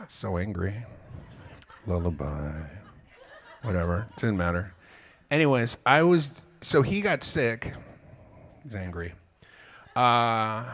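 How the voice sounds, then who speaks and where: A man's voice: mid-range voice, fairly bright tone. A man, a singer-songwriter, talking to a live audience between songs in a small club, telling a meandering, self-mocking story with casual swearing. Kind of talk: rambling stage banter between songs.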